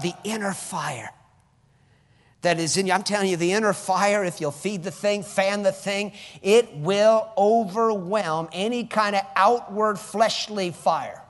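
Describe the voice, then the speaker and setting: Pastor, male, fervent preacher with a high, swooping voice; reverberant hall sound. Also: lively intonation, unhurried. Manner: preaching with sudden rises and drops in force. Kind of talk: sermon.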